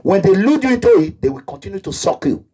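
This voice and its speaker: This is a Nigerian man with a Nigerian accent delivering a rambling, impassioned monologue. His voice sits high for a man and has a slightly husky edge. He keeps slipping into the voices of the people he describes, sounding indignant throughout. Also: big pitch swings, fast, warm tone. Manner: rambling, indignant, breaks into laughter and acts out quoted voices. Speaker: activist.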